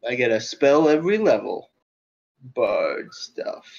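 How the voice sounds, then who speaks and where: A man's voice: mid-range voice, big pitch swings, unhurried, vocal fry, a little mellow, muffled recording. A man playing a tabletop game online, chatting casually, thinking aloud over the rules and laughing often. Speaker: player. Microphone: voice chat over internet.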